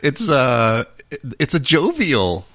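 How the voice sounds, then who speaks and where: A man's voice: mid-range voice, wildly swooping pitch, no room sound. A man co-hosting a podcast in casual chat, telling a joke with many restarts and laughs. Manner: halting, many restarts, laughs and shouts while telling jokes. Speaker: podcast co-host. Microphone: close studio mic.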